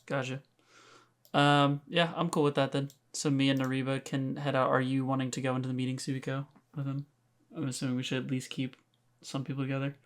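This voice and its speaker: A man's voice: medium pitch, little pitch movement, brisk. A young man playing a tabletop game, chatting casually, swearing and laughing often. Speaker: player.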